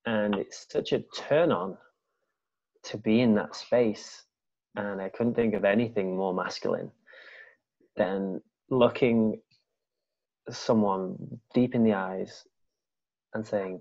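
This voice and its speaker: A man speaking as a guest in a casual conversation, talking slowly and deliberately in a soft, measured way. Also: fairly low pitch, steady tone, vocal fry. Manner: slow, deliberate, soft-spoken. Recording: dull lo-fi sound.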